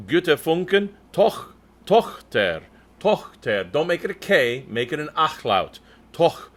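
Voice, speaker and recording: Slow, deliberate male choir conductor. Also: fairly high pitch, fairly bright tone. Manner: demonstrates German words slowly with crisp rolled R's. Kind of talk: diction coaching lesson.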